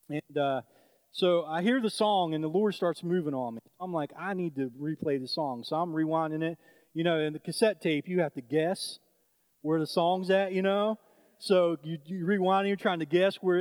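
High-voiced man telling a sermon story. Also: darkish tone, no room sound. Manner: conversational, with many fillers and restarts. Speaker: preacher.

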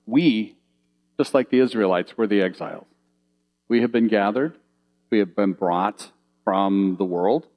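A man's voice: on the low side, measured pace, pauses often, muffled recording. A man preaching a sermon from slides, telling vivid little stories and asking the audience questions. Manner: animated storytelling, asks the audience questions.

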